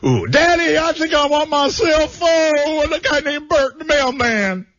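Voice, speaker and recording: A man on talk radio putting on a high, whiny voice of a grown son pleading with his father. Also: sing-song, measured pace, a bit bright, full character voice. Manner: high pleading falsetto, breaking into laughter. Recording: dull lo-fi radio sound.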